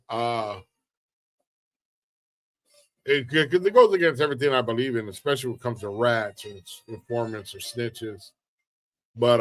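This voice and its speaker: A relaxed man hosts a casual livestream and reads chat, answering in a laid-back drawl full of street slang. His middle-pitched voice stays easygoing the whole way through.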